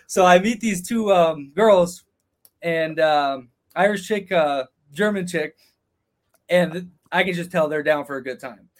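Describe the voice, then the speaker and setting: A man telling a casual travel story as a podcast guest, animated, swearing freely and acting out the other people in it. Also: fairly high pitch, measured pace. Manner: animated, acts out quoted voices, swears freely.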